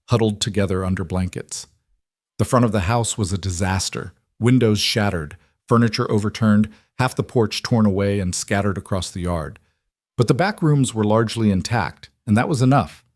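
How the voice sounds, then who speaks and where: Guy narrating a cowboy story, steady and dramatic, lowish voice, dry. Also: moderate pace, no echo.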